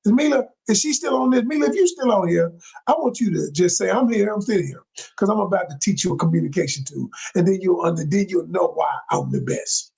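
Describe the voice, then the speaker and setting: A man's voice: high-pitched, fairly quick, creaky, a little mellow, slightly rough, poor audio. A man giving relationship advice in a live coaching talk to his viewers, emphatic and repeating key phrases, calling listeners y'all.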